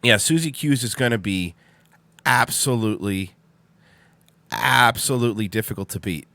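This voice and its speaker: A man hosts a casual livestream, rowdy and joking, his voice loud when he reacts to clips. He sits close to the mic in a dry room. His pitch sits in the middle for a man. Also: normal speed, no echo. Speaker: livestream show host.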